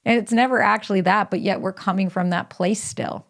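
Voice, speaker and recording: A woman talks straight to her listeners in a solo podcast, emphatic and animated. She is casual and blunt, with plenty of swearing. Her voice sits at an ordinary middle pitch. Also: a little fast, vocal fry. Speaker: podcast host. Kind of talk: solo podcast monologue with ad read.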